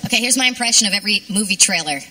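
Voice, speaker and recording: A woman's voice: mid-range voice, animated, very fast, bright, forceful tone, recorded from a distance. A young woman doing a stand-up comedy set on a club stage, with wry, sardonic, rambling asides. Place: comedy club stage before a live audience.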